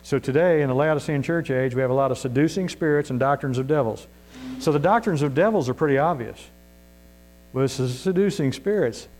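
A man's voice: a little high, fairly quick, darkish tone, poor audio. A man preaching a sermon in a folksy, emphatic way, his voice rising to stress a point. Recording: mains hum.

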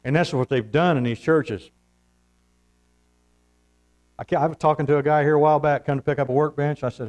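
A man's voice: a little high, a little fast, pauses often, darkish tone, low-quality recording. Man, pastor, preaching with homespun anecdotes and amen calls. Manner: folksy storytelling preacher, calls for amens. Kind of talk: sermon.

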